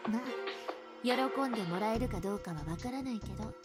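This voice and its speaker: A woman's voice: medium pitch, very fast, close to an everyday voice. A woman voicing a playful, boyish young woman with a theatrical, teasing manner in a visual novel. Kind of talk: Japanese visual novel voice acting. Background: game background music.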